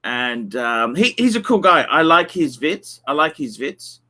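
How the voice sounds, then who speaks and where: A middle-aged man hosts a livestream in a slow, unhurried drawl. His voice is bright and a little higher than most men's. He rambles, circles back and repeats himself, with plenty of ums and uhs. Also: big pitch swings. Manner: rambling, repeats phrases, many fillers. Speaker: livestream host. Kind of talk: casual livestream chat.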